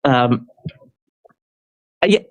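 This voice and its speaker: A man's voice: extremely slow, low-quality recording. A man in casual livestream chat, answering a question in a rambling way, full of restarts and stammers, turning heated and confrontational as he rants. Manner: heated and confrontational when ranting.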